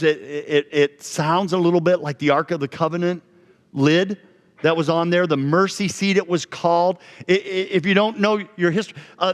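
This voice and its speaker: Male pastor, conversational sermon delivery, higher-pitched voice, echoing sanctuary. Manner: conversational preaching, asks the congregation questions. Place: church sanctuary. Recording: long church reverb.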